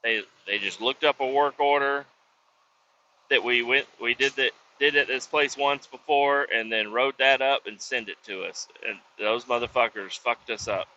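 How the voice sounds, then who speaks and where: A man's voice: medium pitch, normal speed, sharp tone, a little hiss or hum. A man who works roadside service, telling rambling, profane stories in a casual vlog. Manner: profane, loose, drifting between stories. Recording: dull lo-fi sound with faint background ambience.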